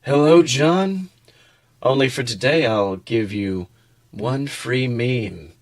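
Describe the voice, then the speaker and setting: A man voicing a shady young male meme dealer who draws his words out slowly. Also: medium pitch. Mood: sly. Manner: slow, drawn-out delivery.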